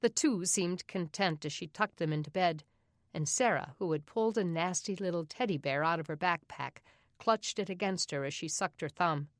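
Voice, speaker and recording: A woman narrating an audiobook in an even, steady reading voice. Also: on the low side, normal speed, no room sound, clean studio sound. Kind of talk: scripted narration.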